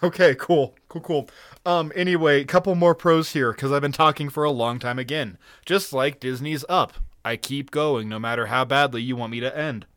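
A man co-hosting a podcast, recapping episodes in an excitable, profane, laugh-filled way. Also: mid-range voice, moderate pace, no echo. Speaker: podcast co-host.

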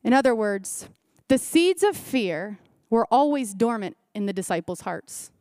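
At a church service, a woman pastor preaches in a high, bright, expressive voice at a measured pace. She drives her points home with repeated phrases and rhetorical questions to the congregation. The sound is close and dry with little room echo.

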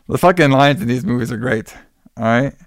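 A man's voice: mid-range voice, dry recording, studio quality. A man co-hosting a show, casually recapping a horror movie, swearing often, laughing and acting out the characters' lines. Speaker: podcast co-host.

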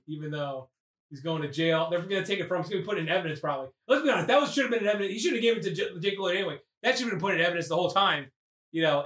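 High-voiced animated man, echoey room. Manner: animated, acts out characters in loud bursts. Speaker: podcast host. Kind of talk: casual comedic movie recap.

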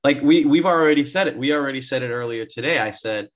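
A man co-hosting a casual movie review chat, animated and joking. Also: medium pitch, quick pace. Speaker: podcast co-host.

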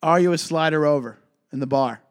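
A man co-hosting a podcast and telling a story in a casual chat, animated, with his voice jumping up when he quotes people. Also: fairly high pitch, brisk, clean tone. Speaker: podcast co-host and comedian.

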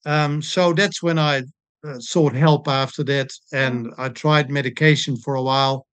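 An older man, a sports doctor telling stories in a relaxed interview, with frequent pauses and ums. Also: mid-range voice, clean tone, no room sound. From New Zealand. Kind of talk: casual storytelling interview.

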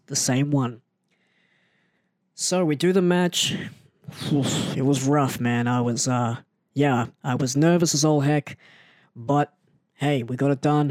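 A man telling a story in a casual, animated and self-mocking way, often jumping into an excited higher voice. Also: no room sound, studio quality. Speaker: storyteller recounting his wrestling start.

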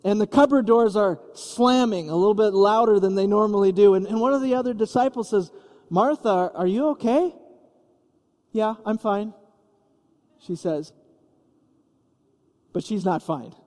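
A man's voice: high-pitched, moderate pace, darkish tone, long reverb tail. A man preaching a sermon as pastor, telling the story vividly and acting out the scene.

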